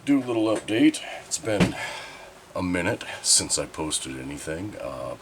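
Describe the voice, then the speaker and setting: A deep-voiced man talks through a stuffy, nasal voice, still getting over a sinus infection. He rambles along in a chatty, candid way and swears now and then. A faint air conditioning hum runs underneath. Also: very animated, measured pace. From Southern Oregon. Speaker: channel host. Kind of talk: casual vlog update.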